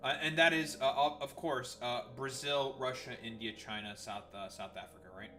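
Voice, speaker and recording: A man's voice: medium pitch, steady tone, normal speed, sharp tone, distant mic, faint music behind. A man with a Canadian accent giving casual, swearing gameplay commentary as a streamer, rambling and thinking aloud.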